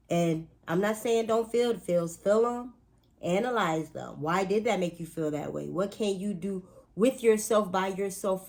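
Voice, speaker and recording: A woman's voice: on the low side, a little mellow. A woman talking casually to viewers in a spiritual pep talk, chatty and emphatic, with playful asides and speech. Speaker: astrology and spiritual reader.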